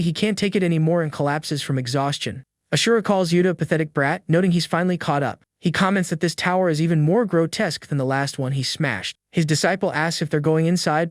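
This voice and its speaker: A man narrating a comic story recap in a steady, even, scripted storytelling manner. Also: a little high, no room sound, studio quality.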